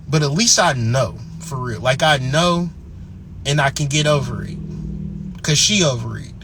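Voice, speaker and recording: A man's voice: a little high, fairly bright tone, a little hiss or hum. A man hosting a channel, delivering a blunt, profane, emphatic ranting monologue. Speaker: channel host.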